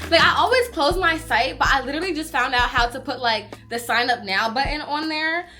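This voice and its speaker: Filming on a handheld phone in an indoor warehouse, this woman in her 20s, a small business owner who vlogs, chats candidly to camera and swears freely while slightly winded. She sounds high-pitched, brisk, bright and pushed. Faint music sits behind her.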